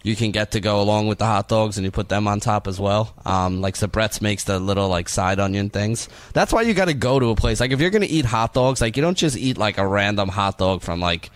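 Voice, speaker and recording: A man's voice: lowish voice, expressive, brisk, few pauses, no room sound. A man from the northeastern United States co-hosting a sports radio show, chatting loosely and filling his talk with "you know" and "like". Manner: rambling, lots of "you know" and "like". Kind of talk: casual radio banter.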